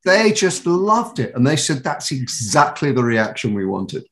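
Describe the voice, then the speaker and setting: A man's voice: medium pitch, sing-song, measured pace. A British man from England, a voice actor and author, telling stories in a casual interview with many restarts and laughs.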